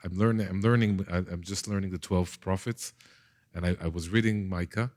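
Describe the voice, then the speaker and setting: A man's voice: low voice, steady tone, moderate pace, darkish tone. A man with an Israeli accent, a native Hebrew speaker, teaching a Bible class in a casual lecture style, often repeating words and putting questions to his listeners.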